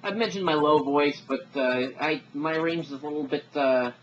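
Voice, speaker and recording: A man's voice: fairly high pitch, normal speed, fairly bright tone, dull audio, slight background noise. A man talking casually about voices he can imitate, rambling, with many fillers and self-deprecating asides. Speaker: amateur voice impressionist. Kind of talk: casual monologue.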